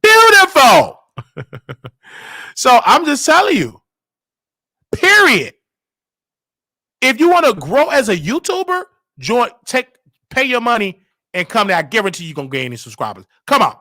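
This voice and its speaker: A Southern US man hosting a live online show, his voice high and bright and leaping all over the place. He swings from loud hype to soft murmured asides, sounding close and dry on the mic. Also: a little slow, long pauses, dry recording. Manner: animated, sing-song, swinging between loud and hushed. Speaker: host. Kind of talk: casual livestream talk.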